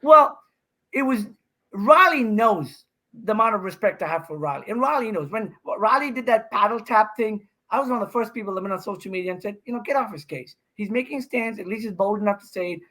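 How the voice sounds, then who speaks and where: A man, a pro pickleball player and podcast guest, excitedly telling a match story and acting out what people said. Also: high-pitched. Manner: excitable, fast-talking, acts out quotes.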